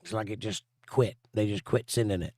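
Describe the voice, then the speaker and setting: A man's voice: fairly low pitch, fairly even intonation, a little fast, a little mellow, dry recording, clean studio sound. A man hosting a casual livestream, reading viewer comments aloud and joking around. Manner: reads viewer comments aloud in playful voices. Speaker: livestream host reading chat.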